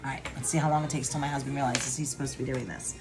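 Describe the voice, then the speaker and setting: A woman's voice: very deep voice, steady tone, very fast, over music. A woman teaching a college statistics lesson from her home, talking to viewers in a chatty, informal way. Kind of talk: casual recorded math lesson.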